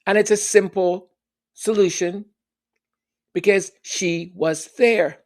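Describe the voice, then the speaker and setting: Slow, sarcastic royal commentary host. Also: mid-range voice, fairly even intonation. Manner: sarcastic, rhetorical questions, emphatic. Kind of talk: opinion commentary.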